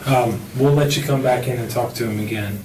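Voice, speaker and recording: A male police detective, calm and placating, speaking in an interrogation room. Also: medium pitch, fairly quick. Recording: echoey room, mic far off, loud noise.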